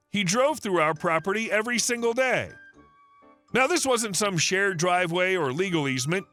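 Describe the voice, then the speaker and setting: A man with a high, bright voice narrates online stories with a snarky, mocking edge. Soft music plays faintly under his reading. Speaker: story narrator.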